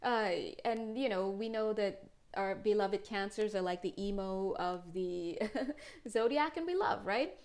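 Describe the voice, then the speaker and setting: A woman's voice: mid-range voice, measured pace, a little mellow. A woman doing a casual spiritual tarot reading to camera, chatty and rambling, laughing often and breaking off mid-thought. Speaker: tarot reader.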